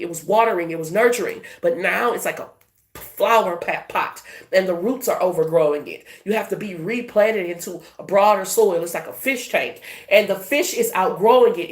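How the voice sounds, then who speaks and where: A tarot reader from Louisiana talks through a card spread, with the accent softened. The delivery is emphatic and colloquial. Rhetorical questions get quick answers. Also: mid-range voice. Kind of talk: tarot reading to camera.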